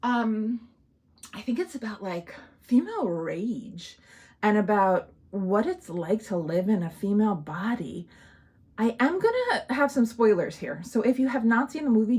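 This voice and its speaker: Lively chatty woman reviewing a film. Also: fairly high pitch. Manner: animated, chatty, laughs often, acts out quotes. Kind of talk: casual film review vlog.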